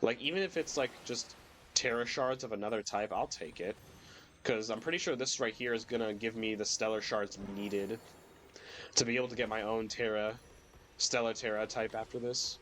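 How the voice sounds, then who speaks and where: A man's voice: on the low side, steady tone, moderate pace, a bit bright, slight background noise. A young man streaming a video game while sick, rambling casually with lots of fillers and the odd swear, his voice cracking at times. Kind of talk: casual gameplay commentary.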